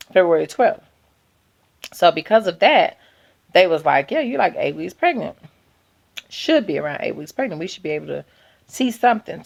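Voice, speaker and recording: A woman in her thirties telling a personal story to her viewers in an animated, chatty way. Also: on the low side, vocal fry. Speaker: vlogger.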